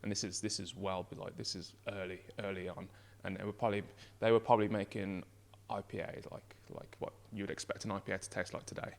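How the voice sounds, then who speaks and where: A man, a brewery founder chatting as a podcast guest, telling excitable, rambling stories. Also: low voice, quick pace, vocal fry. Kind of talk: casual chat.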